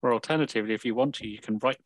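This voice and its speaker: A man's voice: medium pitch, very fast, no room sound. A man playing a tabletop game over a voice call, chatting casually and explaining the rules. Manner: rules-minded, explaining mechanics. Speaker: player. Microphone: home mic on a voice call.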